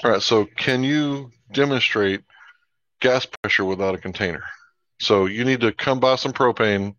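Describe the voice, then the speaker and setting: A man's voice: medium pitch, moderate pace, a bit bright, no echo. A man hosting a live stream, pressing his guest with pointed debate-style questions. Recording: dull lo-fi dry sound.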